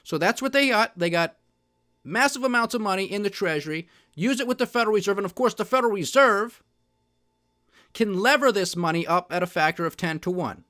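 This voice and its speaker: High-voiced sardonic man ranting. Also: lively intonation, a little fast, sharp tone. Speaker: podcast host. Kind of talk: solo political and market commentary.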